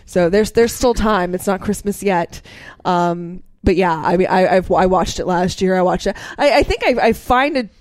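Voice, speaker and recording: A woman's voice: on the low side, normal speed, darkish tone, no echo, studio quality. A woman co-hosting a podcast in casual chat, chatty and full of restarts. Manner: chatty, with many restarts and laughs. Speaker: podcast co-host.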